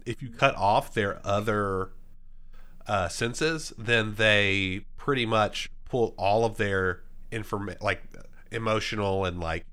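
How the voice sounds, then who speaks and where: A male podcast co-host who chats casually and slips in deadpan, teasing jokes. His voice sounds bright and a little tense. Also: fairly low pitch. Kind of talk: casual chat.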